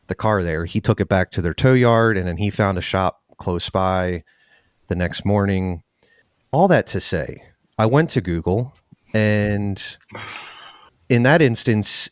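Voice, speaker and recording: A man's voice: on the low side, no echo, studio quality. A man hosting an interview show, asking questions and telling a chatty story in a casual way. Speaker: podcast host.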